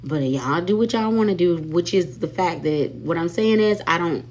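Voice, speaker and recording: A woman's voice: on the low side, animated, moderate pace, a little mellow. Sassy woman chatting on a livestream. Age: adult with children. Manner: chatty and sassy, often addresses viewers as y'all and honey. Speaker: livestream host. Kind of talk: casual live-stream chat.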